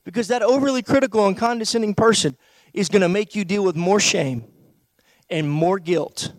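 A male pastor preaching a sermon, emphatic, full of rhetorical questions and swings from loud to hushed. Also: high-pitched, moderate pace, dry recording.

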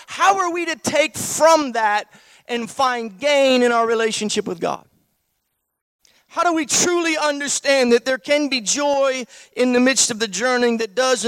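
A man's voice: very high-pitched, fairly bright tone, no room sound. A man preaching a sermon, posing one rhetorical question after another to his congregation.

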